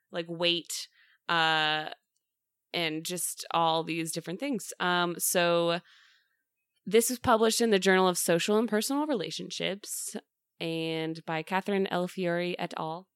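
A woman's voice: fairly low pitch, fairly bright tone, clear, resonant tone, dry recording, studio quality. A woman hosting a casual chat about a study, talking in a chatty way with many fillers.

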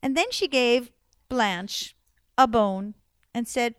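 A woman storyteller telling a folktale aloud in an expressive, lively way, raising and dropping her volume for drama. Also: fairly high pitch, takes it slowly, smooth, no room sound, clean studio sound.

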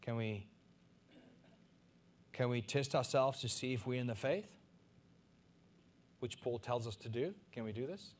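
A middle-aged man from Africa preaching a sermon as pastor, swinging between soft asides and loud, emphatic peaks. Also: mid-range voice, a little slow, pauses often.

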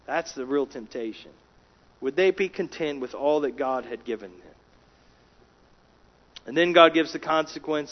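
A man preaching a sermon, emphatic, rising in volume for key words and dropping low and quiet between them. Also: normal speed, long pauses. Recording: dull lo-fi sound.

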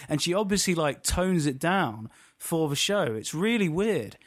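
A man's voice: a little high, expressive, moderate pace, hardly any pauses, fairly bright tone, dry recording, studio quality. A man chatting casually as a podcast co-host, rambling and restarting his thoughts as he goes. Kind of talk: casual chat.

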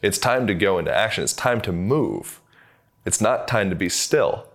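A man's voice: lowish voice, expressive, normal speed. A man speaking as a podcast guest, explaining things in a loose, rambling way with lots of fillers. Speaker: podcast guest, movement coach. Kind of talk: conversational interview.

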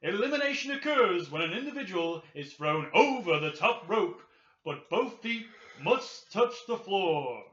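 A booming wrestling ring announcer, drawing out each word in a sing-song roll, as a Yorkshire man puts him on. The voice is bright and fairly high. The sound is echoey and dull, like a lo-fi room recording. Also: big pitch swings, a little slow, heavily acted. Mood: grand, announcing.

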